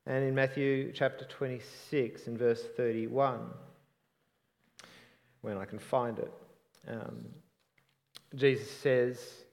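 A man preaching a sermon in an earnest, reflective way, often trailing off softly at the ends of phrases. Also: medium pitch, steady tone, slow, pauses often, big-room sound.

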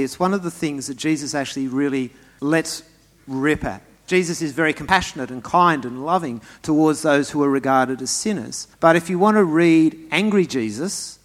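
A man delivers a sermon in a voice sitting a little above the usual male pitch. He punches out key words loudly and then falls back to quiet, reflective asides. He often turns to his listeners with direct questions. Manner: emphatic, swinging between loud stresses and quiet asides; speaks to the congregation directly with rhetorical questions. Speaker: pastor.

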